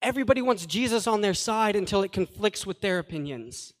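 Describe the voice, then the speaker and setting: Here the same pastor sounds high and animated, moving at a brisk clip as he reads scripture and breaks it down with simple paraphrases and side remarks. His earnest, chatty sermon rings through a long hall reverb.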